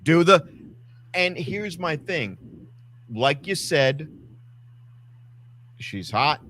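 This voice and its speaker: A man's voice: a little high, big pitch swings, drawn-out words, pushed and bright, slight background noise. A man co-hosting a casual wrestling talk show, ranting with lots of swearing and acting out quotes. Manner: ranting, profane, acts out quotes. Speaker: podcast co-host.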